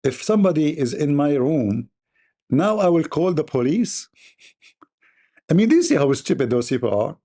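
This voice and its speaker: A man's voice: on the high side, sing-song, normal speed, pauses often, warm tone. A man hosting a livestream, ranting and mocking with frequent laughter, in non-native English grammar. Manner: mocking, emphatic, laughs often while talking. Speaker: livestream host. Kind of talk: casual ranting commentary.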